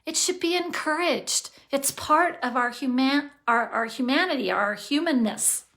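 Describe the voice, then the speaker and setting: A woman speaks straight to her viewers in a relaxed vlog, slow and thoughtful. Her voice sits a little high and rings bright. She comes across as earnest and passionate, pausing to sigh as she thinks aloud. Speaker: vlogger. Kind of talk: casual vlog monologue.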